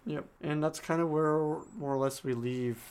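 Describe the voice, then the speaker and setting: A man's voice: a little high, fairly even intonation, moderate pace, a little mellow, smooth. A man co-hosting a podcast, casually retelling a book with lots of fillers. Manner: loose retelling, many fillers. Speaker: podcast co-host.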